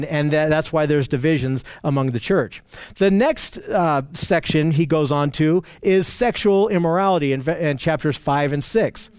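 Earnest high-voiced male preacher. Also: darkish tone, dry recording. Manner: earnest and emphatic, with frequent restarts; reads scripture passages aloud, then explains them. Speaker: preacher teaching a Bible study. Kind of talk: expository sermon.

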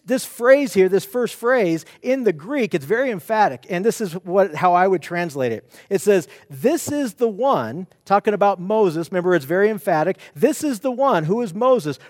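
A man's voice: sits high, a little mellow, no echo. A man preaching an expository sermon, teaching earnestly and often restarting or repeating words as he works through the text.

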